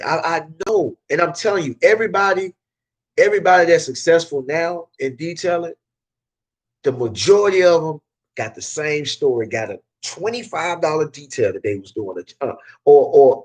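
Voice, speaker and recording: A man with a Southern accent speaks casually to his viewers in a slightly higher-than-usual voice. He repeats phrases for emphasis and often restarts mid-sentence, sharing hard-won business lessons. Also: animated, normal speed, husky. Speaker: car detailing business owner. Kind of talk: casual advice talk to camera.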